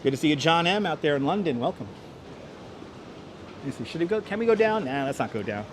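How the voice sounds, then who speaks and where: A man's voice: on the high side, animated, quick pace, slight background noise. Upbeat man greeting livestream viewers. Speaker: livestream host. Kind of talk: walking livestream, reading chat aloud. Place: city streets and a large indoor station hall. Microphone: wireless clip-on mic.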